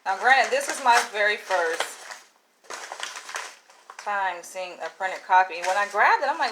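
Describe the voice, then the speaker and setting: A woman vlogger telling a casual story in an animated, exasperated way, peppered with slangy "yo". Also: mid-range voice, measured pace, pauses often, background noise.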